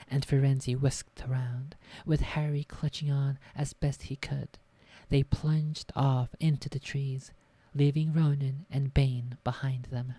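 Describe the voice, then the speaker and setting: Slow, casual woman reading aloud. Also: a bass voice, level tone, mellow, no room sound. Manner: casual, swears at her own slips. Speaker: streamer reading a book aloud. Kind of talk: casual read-aloud narration.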